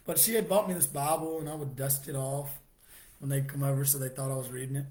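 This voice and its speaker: A middle-aged man giving a halting personal testimony, restarting his sentences and laughing softly now and then. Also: mid-range voice, fairly even intonation.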